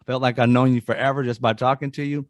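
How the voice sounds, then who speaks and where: A man's voice: mid-range voice, little pitch movement, fast, no room sound. A man in his fifties who hosts an interview show. He talks in a friendly, effusive way and rambles as he praises his guest. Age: 50s. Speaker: host. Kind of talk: casual interview chat.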